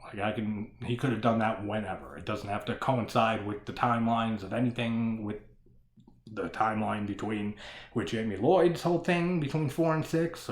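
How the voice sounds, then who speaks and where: Profane ranting man in an echoey room. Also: lowish voice. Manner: profane, ranting, laughs often. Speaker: horror film reviewer. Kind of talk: casual solo movie discussion.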